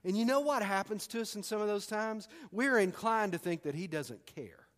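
A man preaching a sermon as pastor, emphatic, with dramatic pauses and repeated phrases. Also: high-pitched, expressive, big-room sound. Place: church sanctuary.

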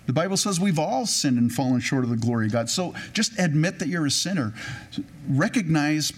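A man's voice: a little high, animated, slightly rough. Man preaching a conversational sermon. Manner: conversational preaching with anecdotes, slows down to read scripture. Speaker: pastor.

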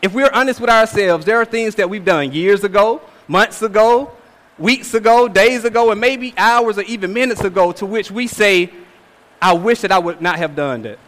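A man's voice: sits high, a bit bright. A man in his twenties preaching a sermon, emphatic and repetitive, often checking in with "all right?". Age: 20s. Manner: emphatic, repeats phrases with rhetorical "all right?". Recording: long hall reverb.

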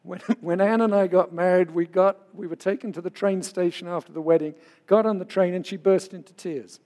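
A man's voice: sits high, steady tone, a little fast, a little mellow, big-room sound. A man in his sixties, a pastor, giving an earnest, conversational sermon full of personal stories.

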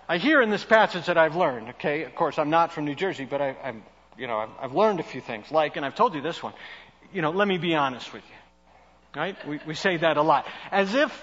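A male pastor preaching a conversational, self-deprecating sermon in an animated way. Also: high voice, in a large hall, highs cut off.

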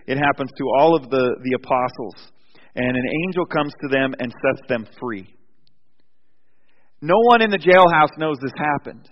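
A male pastor preaching a sermon with animated storytelling, often restarting his sentences, in a church sanctuary. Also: on the high side. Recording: dull recording with long hall reverb.

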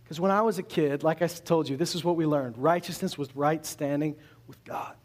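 A man from Canada preaching a sermon in a conversational, animated way, full of rhetorical questions. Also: on the high side, brisk. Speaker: pastor.

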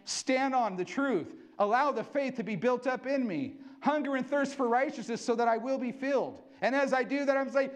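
A middle-aged male pastor giving an excitable sermon, acting out quotes as he preaches. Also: very high-pitched, moderate pace, hardly any pauses.

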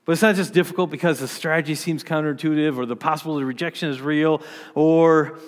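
A man's voice: on the high side, fairly even intonation, fast, big-room sound. A man preaching a sermon, earnest and conversational, often restarting his sentences as he explains. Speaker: pastor.

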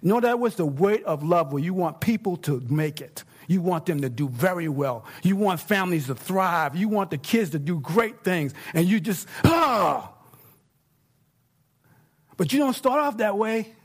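A middle-aged man preaching a sermon as pastor, talking conversationally and swinging between quiet, hushed points and excited bursts. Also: high voice, moderate pace, few pauses, breathy edge.

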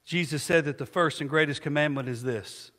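High, bright-voiced male preacher. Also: a little fast. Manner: call-and-response preaching, asks the congregation to fill in words. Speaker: pastor. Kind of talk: sermon. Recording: long hall reverb.

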